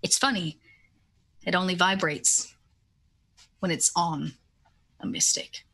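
A woman's voice: fairly low pitch, fairly even intonation, takes it slowly, sharp tone, full character voice. Woman doing a proud private collector, polite, dropping to a secretive whisper. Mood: courteous.

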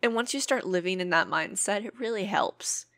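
Young woman podcaster, earnest and rambly, lots of "like" and "you know", medium pitch. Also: normal speed, a bit bright. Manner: earnest, reflective, many fillers. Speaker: podcast host. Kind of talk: casual solo podcast talk.

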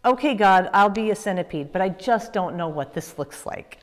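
A woman's voice: mid-range voice, animated, normal speed, natural voice. A woman voicing a nervous, hesitant man in a children's Bible story, stalling with lots of "uh"s. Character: nervous hesitant grown man, unsure and stammering. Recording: echoey room with long reverb.

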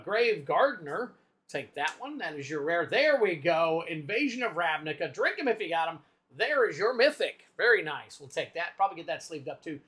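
A man's voice: fairly high pitch, fairly bright tone. A man hosting a card-opening video, chatting casually as he names each card he pulls. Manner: chatty, lists cards aloud with little asides. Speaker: card-opening channel host.

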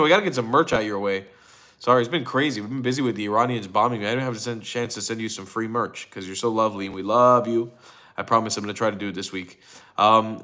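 With a pushed, bright, mid-range voice, a weary man runs a casual livestream. He yawns, rambles, restarts himself, says um frequently, and greets people in the chat by name.

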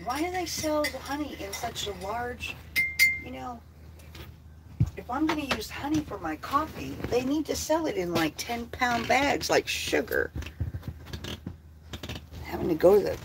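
A woman's voice: fairly high pitch, expressive, a little slow, creaky, pauses often, very noisy. A woman talking on her own livestream, blunt and heavily profane. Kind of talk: casual livestream talk.

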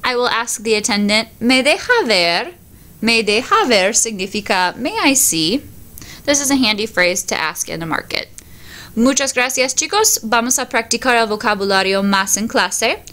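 A woman's voice: a little high, normal speed, pushed and bright. A woman teacher reads Spanish words one by one, then explains each in for her class. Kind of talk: recorded vocabulary lesson.

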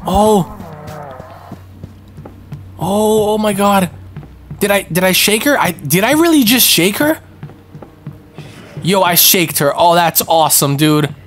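A young man giving live commentary on a multiplayer game, excitable and panicky, yelping and throwing in a lot of slang. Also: high voice, slow pace, long pauses, soft background music. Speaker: gaming streamer.

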